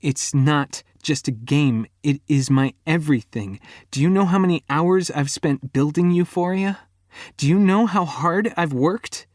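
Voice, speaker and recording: A man's voice: fairly high pitch, a little slow, dry recording, studio quality, pitched above the performer's own voice, lightly acted. A man reading an audiobook, voicing an upset young woman who lashes out with sarcastic outbursts. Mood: furious.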